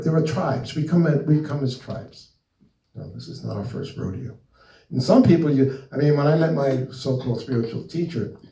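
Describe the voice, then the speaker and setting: A man from New Jersey, medium-pitched and warm, gives a rambling, informal spiritual talk to a live audience in a meeting room, presenting his book. He tells stories and acts out snippets of dialogue along the way. The mic sits at a distance, so the recording has a roomy echo.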